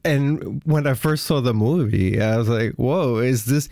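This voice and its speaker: A man hosting a podcast interview who asks his questions haltingly and stumbles over his words. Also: medium pitch, creaky, mellow, dry recording, clean studio sound.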